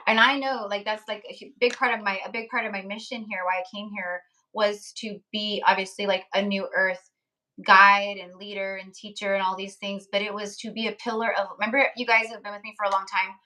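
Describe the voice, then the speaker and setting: A woman tarot reader chats live with her viewers in a relaxed, rambling way, her mid-range voice moving a little fast and growing rough and hoarse. She keeps stopping to read out names from the chat, greeting and thanking people, with frequent "like"s and laughter.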